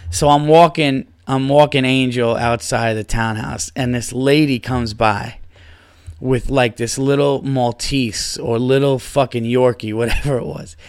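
A man's voice: medium pitch, fairly even intonation, measured pace, smooth, dry recording, clean studio sound. A man hosting a podcast, telling a rambling story in casual chat, swearing a lot and laughing as he goes. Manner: profane, rambling, laughs through stories. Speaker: podcast host.

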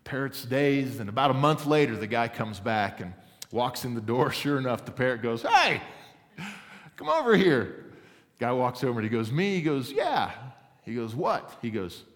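Male pastor, sermon, earnest, medium pitch, long hall reverb. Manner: earnest, storytelling with rising emphasis.

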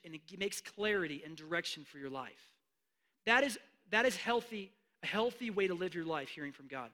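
A man preaching a sermon, animated, swinging between hushed asides and loud emphatic declarations. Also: high voice. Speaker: pastor.

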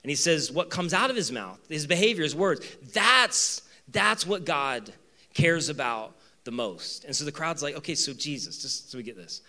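A man preaching a sermon to his church, animated, acting out voices in the story and moving between loud emphasis and quiet asides. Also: on the high side, normal speed. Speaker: pastor. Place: church with two campuses.

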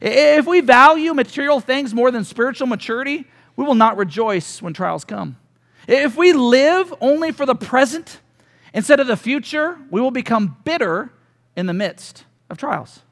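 A man's voice: very high voice, expressive, moderate pace, fairly bright tone. A middle-aged man preaching a sermon as a pastor, earnest and telling a story with acted-out dialogue.

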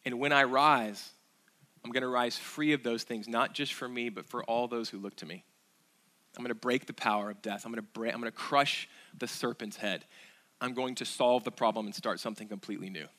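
A man's voice: medium pitch, steady tone, fairly quick, pushed and bright. A man preaching a sermon as pastor, earnest, asking the congregation rhetorical questions, with fillers and restarts.

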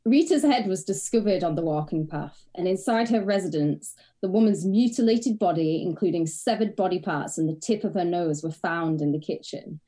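A woman's voice: on the low side, lively intonation, moderate pace, few pauses, mellow. An English woman co-hosting a podcast, chatting in a frank, wry, sweary way. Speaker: podcast co-host. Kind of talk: casual comedic chat.

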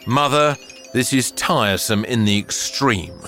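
A man voicing a prim, bored, humourless little boy in a storybook reading, speaking in a flat, fussy, formal way. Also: fairly low pitch, normal speed, soft background music, pitched below the performer's own voice.

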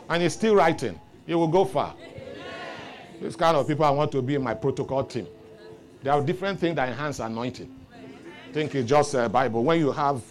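A man preaching a sermon, telling a story with lively rises into loud exclamations. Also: mid-range voice, brisk, pauses often, some chatter behind. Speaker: pastor.

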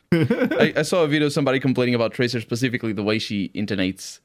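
A chatty man who often laughs while talking, and English is not his first language. His voice sits at a middle pitch. He speaks loosely and casually, as in a relaxed group conversation. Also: quick pace. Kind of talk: casual chat.

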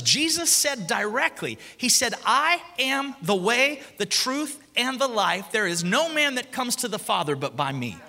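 Us preacher guy, high bright voice, emphatic, talks right at the crowd. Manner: emphatic, conversational preaching with rhetorical questions. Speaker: senior pastor. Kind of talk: sermon.

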